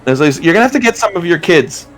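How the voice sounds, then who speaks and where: A man's voice: fairly high pitch, rapid-fire, crowd noise. A man in casual chat, telling a long, profane story and acting out the voices in it. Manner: animated, profane, acts out voices in his stories. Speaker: guest telling stories.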